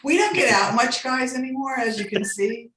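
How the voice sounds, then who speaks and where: A woman's voice: sits high, moderate pace, a bit bright. Woman joking around as a podcast guest, sounds kinda echoey. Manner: teasing, laughing banter. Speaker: guest, former game show co-host. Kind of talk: casual podcast interview.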